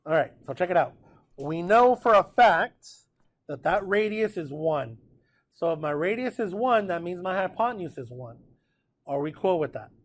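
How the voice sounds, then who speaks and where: A man teaching a precalculus class in a relaxed, chatty way, often checking in with his students. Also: on the high side. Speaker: math teacher. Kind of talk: classroom lecture recorded with notes.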